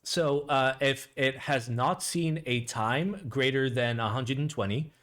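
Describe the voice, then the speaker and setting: A man's voice: medium pitch, unhurried, fairly bright tone. A man hosting a live stream, chatting casually and reacting, with a rambling, profane delivery full of filler words. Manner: rambling, sweary, lots of "like" fillers.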